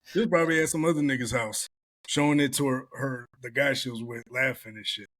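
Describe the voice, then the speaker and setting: A man talks loosely and bluntly on a podcast, swearing freely as he tells stories. His voice sits at an ordinary male pitch. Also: a little fast, fairly bright tone. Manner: blunt, profane storytelling. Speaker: podcast host. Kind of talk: casual chat.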